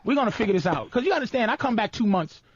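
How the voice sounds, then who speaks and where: A man's voice: high voice, animated, rapid-fire, dry recording. A man hosting a radio show, telling stories loosely and profanely with lots of laughter. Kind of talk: casual radio talk. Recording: dull, dry lo-fi archive radio recording.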